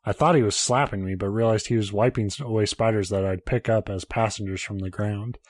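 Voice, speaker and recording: A man's voice: fairly low pitch, fairly quick, hardly any pauses, dry recording. A man, a podcast host, reading a horror story aloud in a casual way, now and then breaking off to joke and swear.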